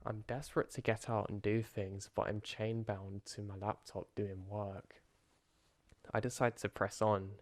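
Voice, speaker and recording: A man calmly narrating a first-person horror story in a low-key way. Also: measured pace, no echo. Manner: calm, low-key retelling.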